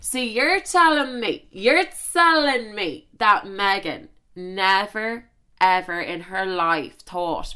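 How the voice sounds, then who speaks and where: A young woman hosts her podcast in a casual, gossipy chat. Her voice is bright and forward. She leans into dramatic emphasis and fires off rapid asides. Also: mid-range voice, smooth. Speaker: podcast host.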